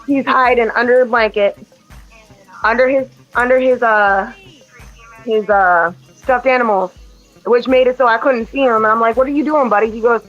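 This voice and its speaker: A woman with a fairly high voice chats casually, telling stories about her little boy and putting on his lines. The sound is dull and lo-fi, with faint music playing underneath. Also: normal speed. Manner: animated, acts out her son's quotes. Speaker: podcast host. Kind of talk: casual storytelling chat.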